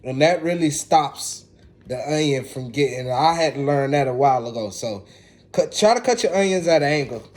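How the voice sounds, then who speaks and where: Man, casual cooking vlog, slightly high voice, faint hiss. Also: expressive, moderate pace, darkish tone. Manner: laid-back, chatty, talks straight to viewers. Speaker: home cook.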